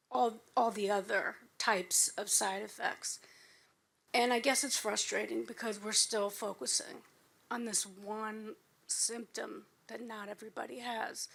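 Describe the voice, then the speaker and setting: A woman's voice: mid-range voice, creaky, fairly bright tone. A woman in the audience giving a hesitant, emotional comment at a panel. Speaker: audience member.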